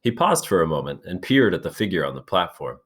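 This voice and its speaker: A man, a teacher, reading a novel aloud in steady, measured narration. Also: sits low, breathy edge.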